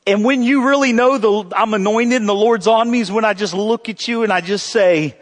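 High-voiced animated pastor preaching. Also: male voice, a little fast. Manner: animated, humorous storytelling. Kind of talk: sermon.

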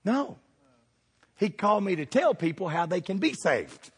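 A middle-aged man preaching a sermon, animated and throwing questions at the congregation. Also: high voice, moderate pace, slightly rough, in a large hall. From United States.

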